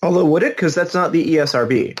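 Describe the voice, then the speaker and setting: A man co-hosting a podcast in casual chat, animated and teasing, talking in quick bursts. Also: fairly high pitch, slight background noise. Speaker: podcast co-host.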